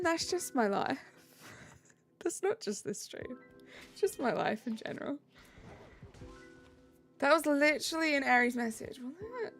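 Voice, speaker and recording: A woman's voice: high-pitched, creaky. A woman streamer chatting casually with her live chat, giggling and teasing herself as she reads messages. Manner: giggly, self-mocking, chatty.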